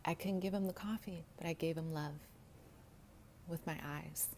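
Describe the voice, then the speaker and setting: A woman tells a rambling personal story straight to camera, laughing often and slipping into whispers. Her voice sits fairly low, with a gravelly, mellow texture. Faint background noise runs under the recording. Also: fairly even intonation, normal speed. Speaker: vlogger.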